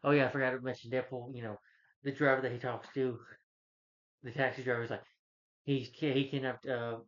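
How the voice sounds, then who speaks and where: Male reviewer, middle pitch, casual rambling plot recap with chuckles, dull lo-fi sound. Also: level tone, fairly quick. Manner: rambling, chuckling, restarts, acts out quotes in a higher voice. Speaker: movie reviewer. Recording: dull lo-fi recording.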